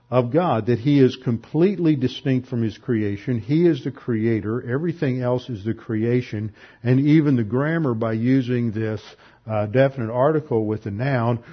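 A man's voice: mid-range voice, slightly rough, dull audio. A man giving a methodical classroom lecture on scripture, explaining the grammar step by step. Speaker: Bible teacher.

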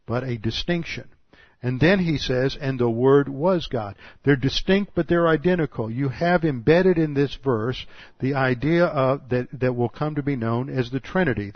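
A man's voice: mid-range voice, no echo. A man from the United States teaching a Bible passage verse by verse, explaining carefully and often restarting his sentences. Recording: dull, dry recording.

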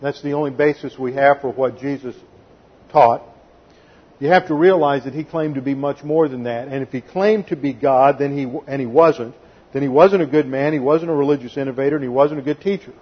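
A man's voice: mid-range voice, brisk, slightly rough. A man preaching an expository sermon, methodical and emphatic, counting off numbered points to his congregation. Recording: dull lo-fi sermon recording.

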